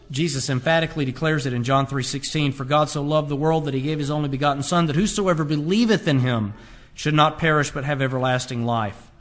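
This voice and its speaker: A pastor with a slightly high, fairly bright voice preaches a sermon, quoting scripture as his voice rises and drops emphatically.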